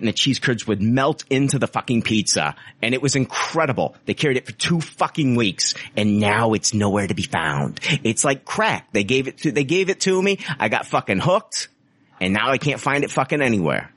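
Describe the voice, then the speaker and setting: A man's voice: medium pitch, animated, moderate pace, fairly bright tone, no echo. A man hosting a podcast in casual chat, swearing a lot, rambling and mocking himself. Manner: profane, rambling, self-mocking. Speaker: podcast host.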